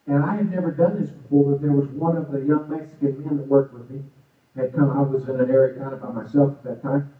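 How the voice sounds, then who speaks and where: A man's voice: medium pitch, fast talker. Echoey far-off preacher man telling his testimony. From Arizona, USA. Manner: animated storytelling with acted-out quotes. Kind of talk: sermon testimony. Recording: echoey far-off phone-like sound.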